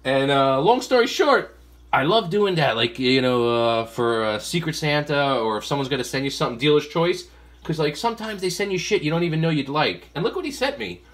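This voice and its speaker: A man's voice: on the high side, lively intonation, a little fast, a bit bright. A man hosting a casual comic haul vlog, a rambling storyteller who fills his talk with fillers and acts out what he told people. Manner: chatty, many fillers. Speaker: comic collector vlogger.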